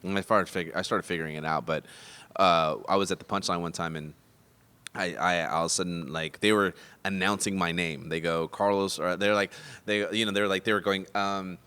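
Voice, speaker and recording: A fairly low-pitched man, a stand-up comic guesting on a podcast. He rambles through stories with lots of laughter. His voice hangs in a long reverb from the comedy club room around him. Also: a little fast, clean tone. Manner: rambling, animated storyteller who laughs often. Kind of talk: casual podcast chat.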